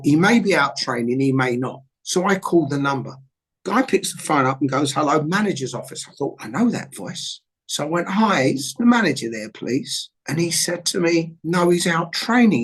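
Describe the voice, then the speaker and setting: An older man appears as a guest football agent in an interview, his voice on the high side with a breathy edge. A lively storyteller, he shares anecdotes and acts out both sides of old phone calls. The audio is poor.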